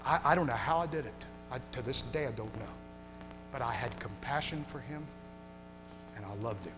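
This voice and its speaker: Man, pastor, preaching sermon, hushed to shouting, long church reverb, music behind. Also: mid-range voice, animated, a little fast, long pauses. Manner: swings from hushed and tender to loud shouting. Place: church sanctuary.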